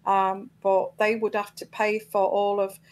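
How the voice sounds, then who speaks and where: In a low-quality recording, a woman running a live tarot stream talks to her viewers a little slowly, her mid-range voice barely moving in pitch. She hesitates constantly with ums and restarts and gets indignant with trolls.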